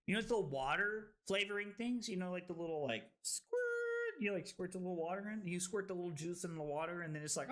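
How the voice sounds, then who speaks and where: A man streaming a card game, tipsy from drinking, who breaks into loud excited outbursts and giggly laughter. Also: high voice, fast talker, hardly any pauses. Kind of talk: live stream gameplay commentary.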